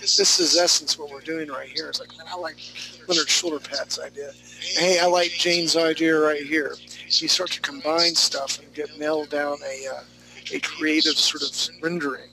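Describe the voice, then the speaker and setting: A man's voice: a little high, fairly even intonation, normal speed. A man teaching a live drawing class online, critiquing student work with teasing banter. He sounds tired and yawns between remarks. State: tired, yawning. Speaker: drawing instructor. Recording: noisy live stream audio.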